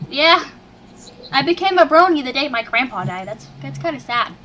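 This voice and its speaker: A woman's voice: high voice, very animated, moderate pace, crowd noise. A woman co-hosting a casual chat, talking in a hyper, giggly way. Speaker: co-host.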